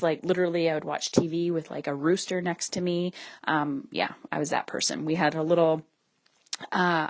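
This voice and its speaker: Woman host with a lowish voice and a dry, close sound, chatty and casual, speaking straight to her audience. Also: no room sound. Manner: chatty, frequent "like" and "right?" asides; addresses listeners directly. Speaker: podcast host and parenting coach. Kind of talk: casual storytelling monologue.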